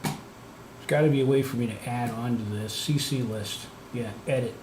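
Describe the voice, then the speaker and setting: A man's voice: mid-range voice, moderate pace. Rambling man in an echoey room. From Canada. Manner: rambling, self-mocking, many fillers and restarts. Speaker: livestream host. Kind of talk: casual livestream chat. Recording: echoey room, faint background noise.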